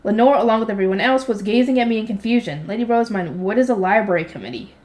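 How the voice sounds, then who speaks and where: A woman's voice: mid-range voice, fast, darkish tone. A young woman reading a light novel aloud, lightly voicing the characters and breaking off for offhand slangy asides. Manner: reads character voices lightly, drops into offhand slangy commentary.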